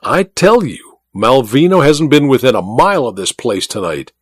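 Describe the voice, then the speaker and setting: A man plays an agitated society gentleman in a storybook reading, his voice raised above the narration and full of urgency. He insists and exclaims, with pitch leaping around. The recording is dry and close. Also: normal speed, no echo. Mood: excited. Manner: excited, urgent.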